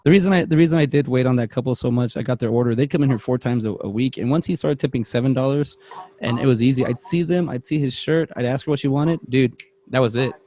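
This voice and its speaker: This man talks fast in a mid-range voice, co-hosting a podcast. During casual conversation he tells a drawn-out story about work, rambling, cutting in on himself, and lively imitating the voices of those in it.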